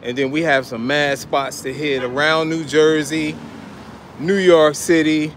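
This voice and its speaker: An upbeat man with a fairly high voice talks to his viewers as he walks a city street. He keeps a loose, chatty flow, recorded on a handheld camera mic, with a faint hum of traffic behind him. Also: flat delivery, measured pace, fairly bright tone. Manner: upbeat, addresses viewers as y'all. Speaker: vlogger. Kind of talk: casual walk-and-talk vlog. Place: city street, then inside a restaurant.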